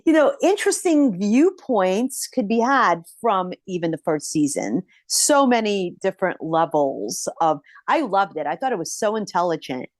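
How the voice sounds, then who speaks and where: A woman's voice: mid-range voice, big pitch swings, moderate pace, hardly any pauses, no room sound, studio quality. A woman co-hosting a podcast, chatting casually about TV and acting out her own exasperated reactions. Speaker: podcast co-host. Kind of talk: casual chat reviewing TV.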